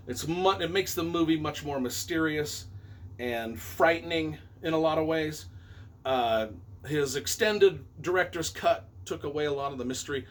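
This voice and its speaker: Middle-aged guy gushing over his fave movies, kinda high voice, bright and sharp, rambles and trips over his words. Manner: enthusiastic, rambling, self-correcting. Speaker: movie reviewer and novelist. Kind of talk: casual countdown of favorite films.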